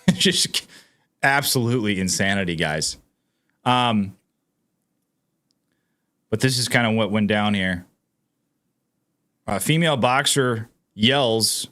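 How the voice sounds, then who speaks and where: A man's voice: fairly low pitch, expressive, slow pace, pauses often, fairly bright tone. Emphatic man doing casual commentary. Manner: emphatic, incredulous, addresses viewers as guys. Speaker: political commentary channel host. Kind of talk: casual on-camera commentary, reading news aloud.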